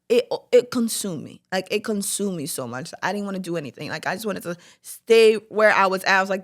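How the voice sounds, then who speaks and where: Young female podcast host, frank faith testimony, gravelly edge, casual filler-heavy delivery. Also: medium pitch, fairly quick. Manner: candid, lots of "like" fillers, animated quoting.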